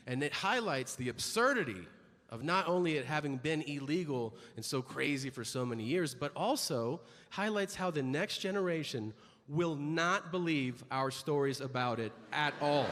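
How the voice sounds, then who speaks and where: Brief: male stand-up comic, lively up-and-down delivery, recorded in a reverberant hall with noise behind. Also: on the high side, unhurried. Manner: animated storytelling, profane, many act-outs. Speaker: stand-up comedian. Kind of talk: stand-up comedy.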